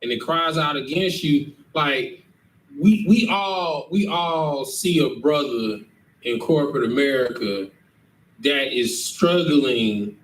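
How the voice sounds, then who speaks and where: A man leading a scripture class, who keeps stopping to ask whether his listeners follow. His voice sits a bit high, and it rings through an echoey room from well away from the mic, over a faint hiss. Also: takes it slowly, distant mic. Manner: emphatic, keeps asking "you understand?". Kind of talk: interactive scripture lesson.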